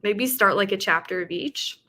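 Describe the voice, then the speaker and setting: A woman hosts a casual livestream, chatting about books and reading viewer comments, using frequent fillers and laughing often. Her voice is mid-range, her pace moderate, and the background is noisy.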